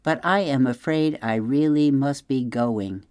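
A polite female robot who speaks in a formal, measured way, read by a woman. Her voice stays calm and even, from a storybook read aloud. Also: a bass voice, smooth.

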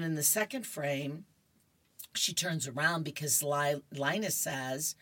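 A woman's voice: low-pitched, measured pace, a bit bright, no room sound. A woman radio reader cheerfully reading comic strips aloud to listeners. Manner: cheerful, laughs between strips.

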